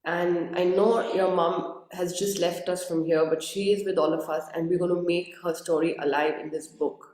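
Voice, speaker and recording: A woman's voice: on the low side, darkish tone. Groggy woman hosting in an echoey room. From India. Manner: earnest, effusive, repeats words. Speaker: host. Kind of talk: live-streamed interview introduction.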